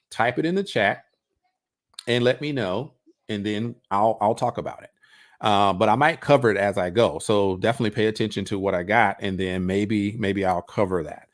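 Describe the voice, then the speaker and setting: A man coaching on a livestream, talking casually to his audience, repeating words and firing off rhetorical questions. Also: lowish voice. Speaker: coach hosting a livestream on passive income.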